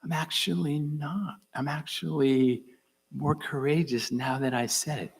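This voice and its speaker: Older male keynote storyteller, gravelly and husky, intense, slips into whispers. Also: on the high side, steady tone, unhurried. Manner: intense, drops into hushed whispers for emphasis. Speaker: conference speaker.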